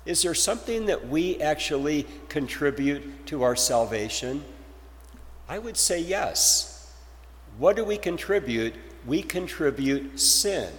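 A man's voice: on the high side, expressive, slow. Man preaching in a reverberant hall. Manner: preaching with rhetorical questions. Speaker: pastor. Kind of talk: sermon.

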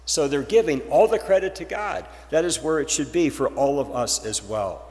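A man's voice: on the high side, expressive, moderate pace, a little mellow, long reverb tail. A male pastor delivering a sermon, posing rhetorical questions to his congregation.

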